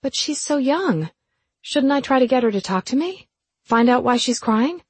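A woman's voice: high voice, expressive, moderate pace, husky, no room sound, voice pushed up. A woman voicing an eager, meddling young woman who teases and pries in an audiobook. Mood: earnest.

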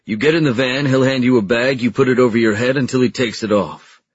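A man with a husky voice voicing a stern, powerful federal agency chief in an audiobook who talks in a cold, cutting way. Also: medium pitch, steady tone, a little fast, dry recording, dull audio, lightly acted.

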